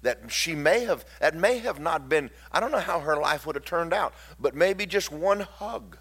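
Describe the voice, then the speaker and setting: A preacher with a bright, forceful voice delivers an impassioned sermon. He moves between ringing declarations and quiet, confiding storytelling, drawing the congregation in. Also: fairly high pitch, expressive, moderate pace, slightly rough. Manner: impassioned, swinging from loud declarations to hushed storytelling.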